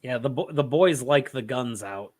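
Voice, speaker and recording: A young man co-hosts a podcast in casual chat, teasing, laughing often and drawing out his punchlines. His voice is medium in pitch and animated, at a normal speed.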